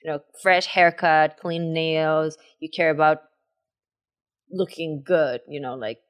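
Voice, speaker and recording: Co-host, young woman, somewhat low voice, relaxed casual chat. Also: slow. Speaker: podcast co-host.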